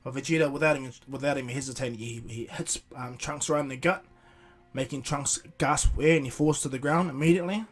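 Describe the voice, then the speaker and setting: A man's voice: medium pitch, a little fast. A man casually improvising a fan what-if story, rambling along with restarts and breaking into voices.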